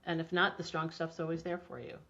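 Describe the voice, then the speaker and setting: A woman's voice: low-pitched, a little fast, creaky, fairly bright tone. A middle-aged woman guest talking enthusiastically about homeopathy in a casual interview, chatty with many restarts. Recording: dull lo-fi audio.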